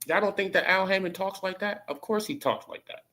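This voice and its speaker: A man's voice: high voice, a little fast, bright, forceful tone. A man hosting a casual boxing commentary stream, talking loosely and tagging points with rhetorical "right?". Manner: loose and repetitive, tags lines with "right?". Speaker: host.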